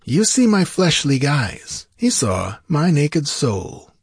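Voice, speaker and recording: A man voicing a mocking, ageless male sorcerer in a storybook reading, slow and theatrical. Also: mid-range voice, very animated, slightly rough, no room sound, clean studio sound, voice pushed up, exaggerated voice. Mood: cryptic.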